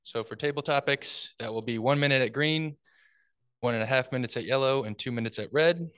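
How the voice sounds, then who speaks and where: A man's voice: mid-range voice, a little fast, fairly bright tone, clear, resonant tone, no echo. A man acting as timer, laying out speech timings in a plain, methodical way. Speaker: timer at a speaking club. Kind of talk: announcing meeting timings.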